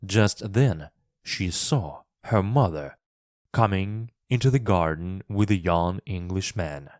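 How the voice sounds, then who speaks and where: A man narrating a classic story for English learners, reading expressively and clearly. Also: low-pitched, lively intonation, slow pace, a little mellow, no echo, clean studio sound.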